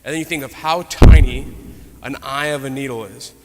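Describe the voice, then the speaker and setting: A man's voice: mid-range voice, fairly even intonation, normal speed, heavy background noise. A man teaching an adult Bible study class in a conversational way, retelling stories with asides. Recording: echoey hall reverb.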